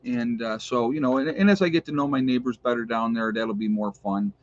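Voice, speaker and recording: A man's voice: medium pitch, a little fast, no room sound. Chatty upstate New York man, lo-fi. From New York State. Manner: rambling, chatty, laughs often, reads live chat. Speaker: vlogger. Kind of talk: casual chat to viewers. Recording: dull lo-fi sound.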